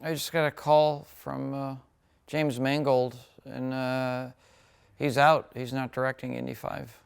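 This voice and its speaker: A man doing a comedic impression of a veteran film producer who talks slowly with halting "uh" fillers. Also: mid-range voice, little pitch movement, vocal fry, smooth. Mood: casual.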